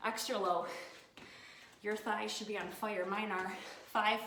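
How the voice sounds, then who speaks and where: A woman leads a home workout, upbeat and coaching while counting down each set, her medium-pitched voice fairly bright, measured in pace, and showing little pitch movement. She's recorded by a distant camera in an echoey room with slight background noise.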